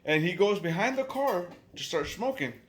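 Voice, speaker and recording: A man casually telling a wild story, profane and animated, acting out the people he quotes. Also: high-pitched, moderate pace, slight background noise.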